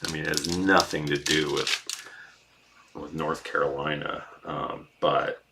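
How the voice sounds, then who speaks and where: A man's voice: very deep voice, level tone, a little slow, gravelly, bright, forceful tone, a little hiss or hum. A man from the US Northeast, a craft streamer, chatting casually with his viewers in a rambling, self-deprecating way and swearing freely. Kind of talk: casual livestream chat.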